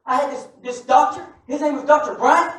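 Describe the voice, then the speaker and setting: High-voiced man preaching in an echoey church. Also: brisk, far from the mic. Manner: animated, often shouting, with joking asides to the congregation. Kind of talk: sermon. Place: church sanctuary.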